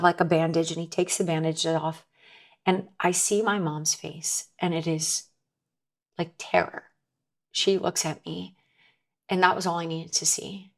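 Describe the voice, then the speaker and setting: A woman guest in a conversation, telling her personal story in an earnest, emotional way, often restarting her sentences. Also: fairly low pitch. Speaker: podcast guest.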